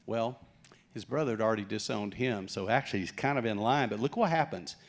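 A middle-aged man preaching a sermon, animated and acting out the voices of the people he quotes. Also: lowish voice, fairly quick. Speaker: pastor.

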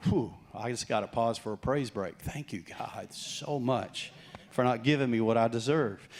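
Joking, animated pastor preaching. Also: male voice, medium pitch, normal speed. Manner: jokey, animated preaching with acted-out quotes. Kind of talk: sermon.

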